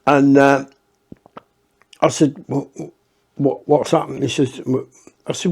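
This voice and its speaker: A man's voice: medium pitch, steady tone, unhurried, gravelly, pauses often, darkish tone, breathy edge. A man telling a rambling, profane anecdote in a casual way, with many restarts. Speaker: storyteller.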